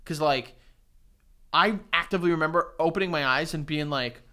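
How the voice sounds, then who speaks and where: A man's voice: on the high side, sharp tone. A man co-hosting a podcast, joking around in casual, profane banter. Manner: joking, profane, quick to laugh. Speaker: podcast co-host.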